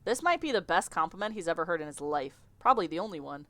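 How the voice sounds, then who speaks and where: A woman streamer reading a visual novel aloud in an animated, chatty way, often laughing. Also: on the low side, quick pace, no room sound.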